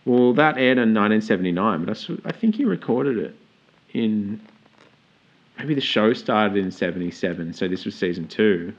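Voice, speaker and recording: Animated podcast co-host. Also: male voice, lowish voice, normal speed, highs cut off. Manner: rambling, self-correcting asides. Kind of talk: casual chat.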